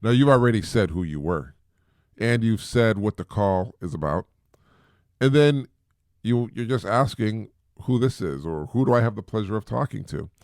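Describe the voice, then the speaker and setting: A middle-aged man talks through everyday advice in a low, gravelly voice, chatty and prone to repeating himself. The sound is dry and close, with no room around it. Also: expressive, normal speed, a little mellow, no room sound. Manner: chatty, repeats words, mimics voices for effect. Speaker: podcast host. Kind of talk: casual advice talk.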